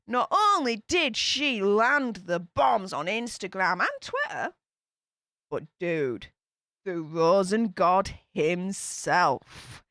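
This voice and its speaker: A woman's voice: medium pitch, big pitch swings, slow pace, sharp tone, no echo. A young woman with a Yorkshire accent hosting her channel, chatting casually as she reads viewer comments aloud. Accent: Yorkshire English. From Yorkshire, England. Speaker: YouTube channel host. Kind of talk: casual livestream chat reading comments.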